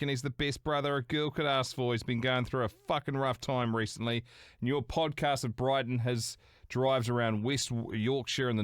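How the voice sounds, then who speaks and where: Aussie bloke hosting a podcast, reads stories all dramatic, swears a lot, dry close sound. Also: male voice, mid-range voice, smooth, no echo. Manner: animated, swearing, dramatic when reading out stories. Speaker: podcast co-host. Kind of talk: casual podcast chat, reading listener stories.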